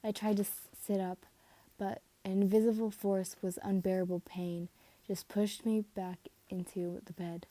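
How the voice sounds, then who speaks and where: Woman reading a fan story casually; mellow tone, stumbles and self-corrects. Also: medium pitch, little pitch movement, moderate pace, no room sound. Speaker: reader.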